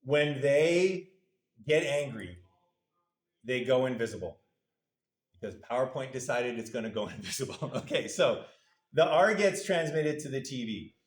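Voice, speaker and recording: A man's voice: medium pitch, sing-song, measured pace. A male university lecturer giving a casual classroom lecture, playfully acting out little voices for the parts of a model. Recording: echoey room.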